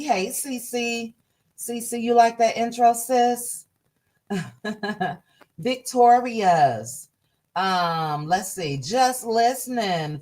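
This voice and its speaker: A woman hosting a casual livestream chat, tired and a little hoarse, greeting viewers by name. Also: a little high. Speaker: livestream host.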